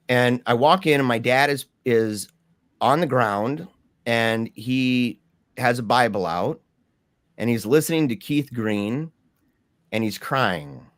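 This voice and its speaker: A man's voice: medium pitch, fairly bright tone, no room sound, clean studio sound. A man speaking as an interview guest, telling a personal story in a casual, slangy, emphatic way. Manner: informal, slangy, says "bro" and "man"; earnest, emphatic retelling of a personal ordeal.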